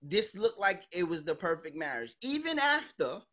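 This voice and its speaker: A woman's voice: fairly low pitch, big pitch swings, normal speed, a bit bright. A woman hosting a podcast, chatting casually in a blunt, emphatic way and swearing freely. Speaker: podcast host. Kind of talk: casual chat.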